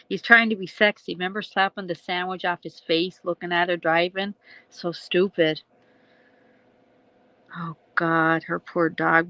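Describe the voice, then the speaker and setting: A woman's voice: lowish voice, bright, forceful tone, no echo, low-quality recording. A woman hosting a casual livestream, rambling between thoughts, laughing often and swearing freely. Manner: laughs often, swears, trails off mid-sentence. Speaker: livestream host.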